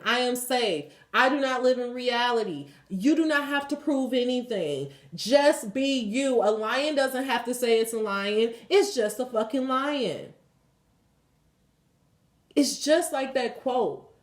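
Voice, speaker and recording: A woman's voice: on the high side, roomy sound. Blunt, swearing woman giving a pep talk. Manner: blunt, swears freely, emphatic. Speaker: tarot reader. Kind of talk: spiritual pep talk and affirmations.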